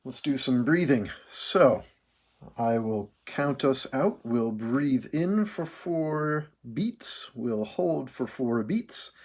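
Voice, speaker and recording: A man leading a choir through breathing and vocal warm-ups, calm and patient, counting out each breath. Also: mid-range voice, slow pace. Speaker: choir director.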